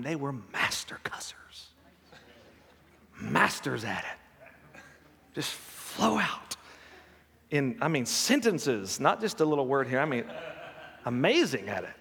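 A middle-aged man with a drawl preaches in a folksy, storytelling way. His voice sits a little high. The sound rings with the long reverb of a large hall. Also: a bit bright. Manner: folksy storytelling with laughs and acted quotes. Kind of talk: sermon with personal stories.

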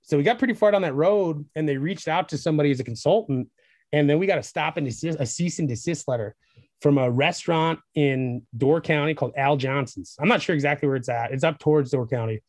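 Young man with a fairly high voice, excitable and rambling, telling an interview story, dry close-miked sound. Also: fast talker, no room sound. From Wisconsin, USA. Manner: excitable, rambling, acts out quoted dialogue. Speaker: distillery founder, guest.

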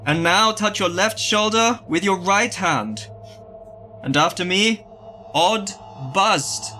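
Bright, high-voiced man leading a chant. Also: takes it slowly, faint music behind. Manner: chanting commands, breaking into laughter. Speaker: player leading a ritual in character. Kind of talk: in-character tabletop role-play.

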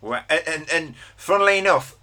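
Bright-voiced chatty podcast host. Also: male voice, fairly high pitch, lively intonation, a little fast. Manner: friendly, prompting questions with fillers. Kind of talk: casual interview.

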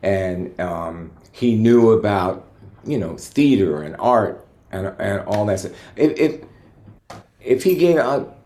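A man, a guest musician, telling relaxed stories in a rambling way, full of "you know". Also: lowish voice, slow pace, echoey room. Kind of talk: relaxed anecdotal storytelling.

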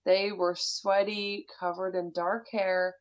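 A woman's voice: mid-range voice, level tone, slow pace, muffled recording. A woman with an American accent, casually chatting and reading a listener's story aloud, laughing often and swearing freely. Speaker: podcast co-host.

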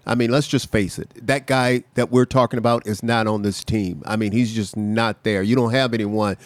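A man's voice: fairly low pitch, steady tone, moderate pace, no room sound. A man who played the game, talking football in a heated, repetitive way. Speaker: former player, co-host. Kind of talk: casual sports talk.

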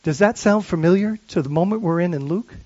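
A man preaching as pastor, his voice set high for a man. He talks in an earnest way, often stumbling and restarting phrases, and puts questions to his listeners. The recording is dry and a little dull. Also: brisk, darkish tone, no echo. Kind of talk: sermon.

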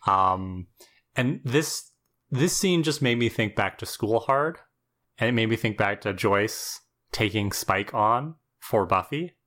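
A man's voice: lowish voice, animated, takes it slowly, bright, forceful tone. A man co-hosting a casual podcast, analysing a TV episode in a thoughtful, explanatory way, often checking in with "right?". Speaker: podcast co-host.

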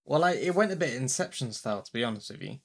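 A young man in casual chat, telling a story in an animated way, acting out what he said and swearing freely. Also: mid-range voice, quick pace, gravelly, breathy edge. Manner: animated storyteller, acts out his own lines, swears freely.

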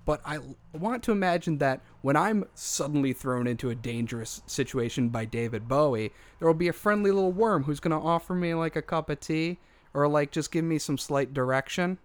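A man's voice: fairly high pitch, lively intonation, fairly quick, no echo. A man hosting a comedic podcast in casual chat, swearing freely and laughing often, with a small audience in the room. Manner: profane, joking, laughs often. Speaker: podcast host.

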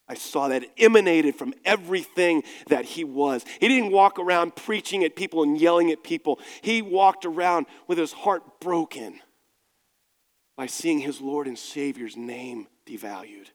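A male pastor preaches a sermon built around a personal anecdote, told in a conversational, self-deprecating way. His voice is on the high side, expressive, and a little slow, with a big-room sound.

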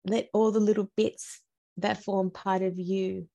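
A woman from Latin America, a podcast guest, chatting in an animated way with many fillers and restarts. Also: medium pitch, unhurried, creaky. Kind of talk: casual interview chat.

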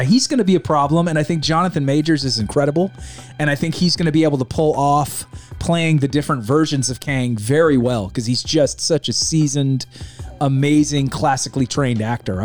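A man casually ranting about a film on his show, animated and mocking, with a faint music bed. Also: mid-range voice. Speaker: podcast host reviewing a film. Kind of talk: casual opinionated chat.

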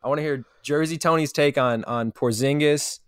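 A man's voice: a little high, normal speed, smooth, no echo, studio quality. A man co-hosting a casual sports podcast, rambling and swearing with lots of fillers. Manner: rambling, profane, many fillers. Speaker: podcast co-host.

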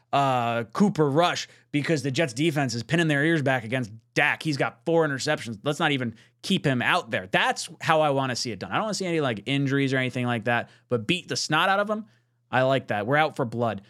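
A man hosting a casual sports talk stream, reading out viewer messages with excitable, casual banter. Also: a little high. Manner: animated, excitable, swears casually. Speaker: podcast host reading super chats.

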